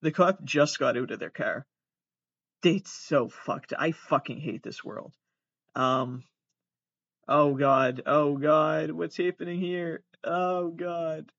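A fairly high-voiced man reacts to videos in casual commentary, worked up and swearing freely. The sound is dry and a little dull, like a lo-fi home setup. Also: takes it slowly, fairly bright tone, no echo. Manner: agitated, swearing, exclaiming in alarm. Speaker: podcast host.

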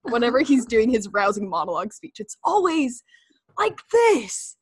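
A woman's voice: a little high, big pitch swings, a little fast, slightly rough, no room sound, clean studio sound. A young woman chatting casually and gushing with giggles while playing an impression game. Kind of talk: casual chat.

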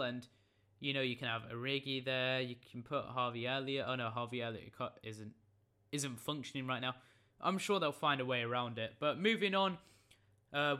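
Young guy, loose football recap, bright tone and slightly high. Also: smooth. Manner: jokey, rambling, self-correcting. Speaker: football vlogger. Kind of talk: casual match recap.

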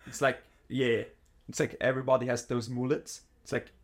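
Young man, halting chat. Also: medium pitch, flat delivery. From Switzerland. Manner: halting, laughing, non-native phrasing. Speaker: podcast guest, triathlete. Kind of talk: casual chat.

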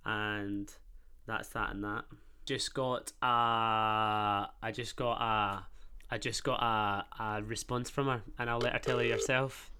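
A man's voice: on the low side, steady tone, slow pace, bright, forceful tone, clean tone. A man with a Glaswegian accent hosting a casual podcast, rambling on with swearing and self-mocking banter. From Scotland. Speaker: podcast host. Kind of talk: casual solo podcast chat.

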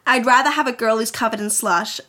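A woman voicing a smug, charming teenage boy heartthrob, reading his lines slowly in a comedic fanfic reading. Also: a little high, bright, forceful tone.

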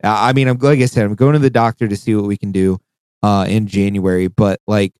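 A man co-hosting a podcast in casual chat, excitable and profane, laughing often. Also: fairly low pitch, brisk, clean tone, dry recording. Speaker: podcast co-host.

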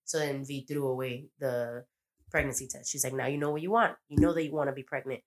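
A woman's voice: very deep voice, steady tone, fast. A woman casually recapping a TV episode on a podcast, rambling, swearing freely and acting out the characters' lines. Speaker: podcast co-host.

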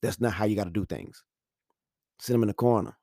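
Man, thirties, lively storyteller on a podcast mic, dry close sound. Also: fairly low pitch, brisk, no room sound. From Houston, Texas. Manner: animated storytelling, acts out voices, laughs often. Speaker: podcast talker. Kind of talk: casual monologue. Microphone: studio microphone.

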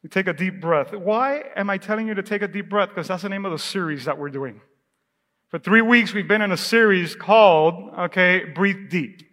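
A man preaching a sermon as the pastor, in a lively, conversational way, with asides and questions to his congregation. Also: high voice, fairly quick. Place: church sanctuary. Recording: echoey church hall.

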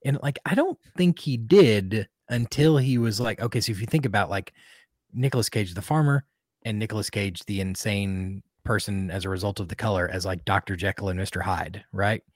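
A man's voice: fairly low pitch, normal speed, dry recording, studio quality. A man co-hosting a podcast, chatting casually and rambling with lots of fillers. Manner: animated, rambling, many fillers. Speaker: podcast co-host. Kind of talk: casual chat.

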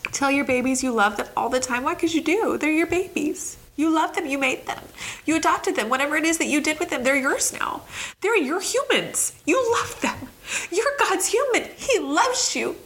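A woman with a high-sitting voice hosts and preaches a devotional teaching, fervent and emphatic. She speaks directly to the listener, swinging between soft words and exclamations.

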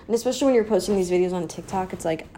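A young woman talking straight to her listeners in a loose, rambling monologue, dry and sardonic. Her voice sits at an ordinary middle pitch, and "like" keeps cropping up as she circles her point. A faint hum of noise runs underneath. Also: racing, dark tone. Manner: sardonic, rambling, heavy use of "like"; mocks others in a high baby voice. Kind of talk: casual opinion monologue.

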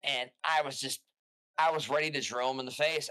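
A man telling stories as a podcast guest in casual chat, rambling and animated, restarting often. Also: mid-range voice, fairly quick, no echo.

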